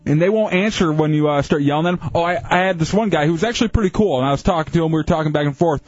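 Co-host guy ranting, bit high voice, dry dull radio sound. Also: rapid-fire, no room sound. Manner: ranting, animated storytelling with fillers. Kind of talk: casual radio banter.

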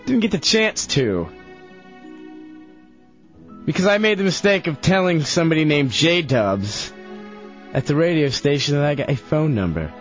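Young man, laughing slurry diary reading, lively voice, lo-fi radio sound. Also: on the high side, measured pace, long pauses. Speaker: radio show regular reading his old diary. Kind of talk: radio talk, reading aloud. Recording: dull lo-fi radio broadcast with faint music.

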